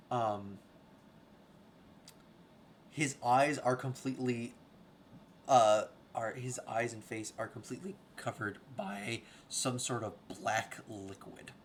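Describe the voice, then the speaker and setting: A man serving as game master, narrating a fantasy scene and pausing often to find the next word. His voice sits at an ordinary middle pitch, and the talk is unhurried and casual. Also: slight background noise. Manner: halting, searching for words mid-sentence. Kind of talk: narrating a tabletop game over a call.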